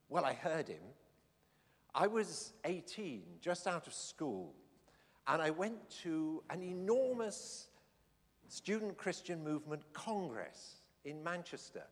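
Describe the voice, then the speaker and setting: A man telling a personal story in a sermon, earnest and reflective, pausing with small fillers, leading a church gathering. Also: on the high side. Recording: long hall reverb.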